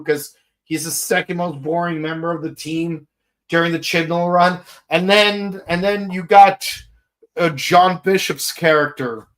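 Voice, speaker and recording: Slow-talking rambling male podcast host. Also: sits high. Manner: rambling, joking, many restarts and fillers. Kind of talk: casual podcast chat.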